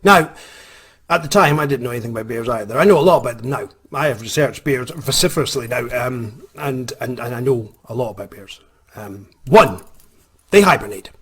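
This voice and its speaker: A man's voice: medium pitch, lively intonation, a little fast, fairly bright tone. A Scottish man, an author, tells a story in a rambling, self-mocking way, hesitating with many ums. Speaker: author, vlogger. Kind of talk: casual storytelling.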